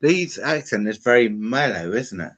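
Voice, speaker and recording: A man's voice: medium pitch, animated, moderate pace, fairly bright tone. A man with a mild Yorkshire accent chats as a guest over a few beers. He keeps his replies short and easygoing, chiming in on the conversation rather than leading it. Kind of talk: casual chat over beers.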